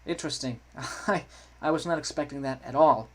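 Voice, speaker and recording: A man giving chatty, self-correcting commentary while playing through a game, quickly getting excited. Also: fairly high pitch. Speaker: gaming video creator. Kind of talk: let's play commentary.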